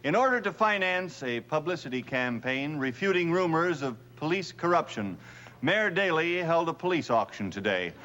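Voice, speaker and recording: A man's voice: a little high, very animated, normal speed, sharp tone, dull audio, slight background noise. A man reading joke headlines as a mock-serious anchor in a sketch comedy newscast. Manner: mock-serious news delivery. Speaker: news anchor.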